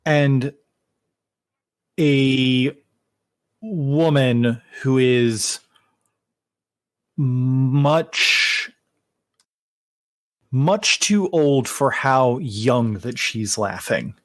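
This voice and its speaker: A man narrating as game master, unhurried, with frequent fillers and self-corrections. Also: medium pitch, no room sound, clean studio sound.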